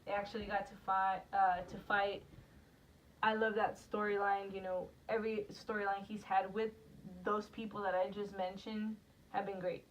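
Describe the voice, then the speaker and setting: A woman's voice: mid-range voice, flat delivery, moderate pace. A woman co-hosting a casual wrestling review podcast, chatty and steering from topic to topic with lots of "like". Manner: chatty, leads the segments, frequent "like". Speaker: podcast co-host. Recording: distant mic with background noise.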